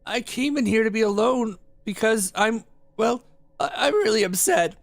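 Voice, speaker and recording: A man's voice: sits high, moderate pace, gravelly, dry recording, pitched above the performer's own voice. A man voicing a timid, upset young boy who stammers nervously, reading game dialogue on stream.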